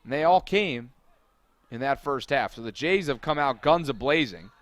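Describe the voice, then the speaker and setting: A man calling a soccer match live from the press box at an ordinary mid pitch. He keeps a steady, chatty flow between plays and breaks into loud, excited calls when the action peaks. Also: moderate pace, no echo. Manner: energetic, builds to shouted calls on big plays. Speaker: play-by-play commentator. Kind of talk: live sports commentary.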